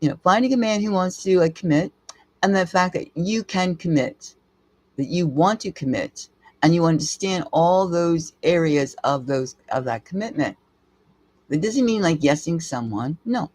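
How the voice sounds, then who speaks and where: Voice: medium pitch, expressive, moderate pace, no room sound. A tarot reader giving a live reading, with blunt, emphatic advice, casual swearing, and sentences that ramble and restart.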